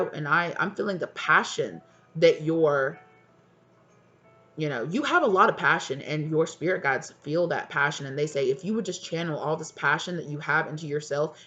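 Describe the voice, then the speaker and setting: A deep-pitched woman reads tarot for her viewers, talking directly to them in a gentle, soothing way and checking in on them often. The sound is dull and lo-fi, with soft music playing faintly underneath. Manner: affectionate, speaks directly to the viewer with frequent check-ins; soft and soothing, deliberately lowered voice. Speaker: tarot card reader. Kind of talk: tarot reading addressed to viewers.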